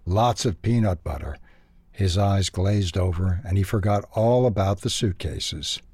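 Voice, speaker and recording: Husky-voiced man reading a children's story. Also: sits low, a little slow, no room sound. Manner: expressive, lively read-aloud.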